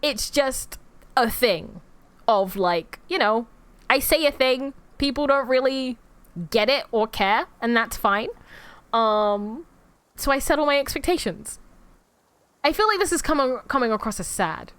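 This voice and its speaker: A young woman chatting on a live stream with a high, bright-sitting voice that swoops all over the place. She talks in an animated, self-deprecating way and keeps laughing at herself between thoughts. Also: unhurried, clear, resonant tone, dry recording. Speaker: VTuber streamer. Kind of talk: casual stream chat.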